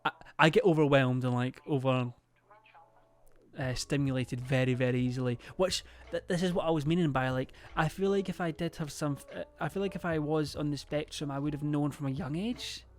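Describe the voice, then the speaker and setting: A man's voice: fairly high pitch, brisk. A young man, chatting casually to his stream in a rambling, hesitant way full of fillers and swearing.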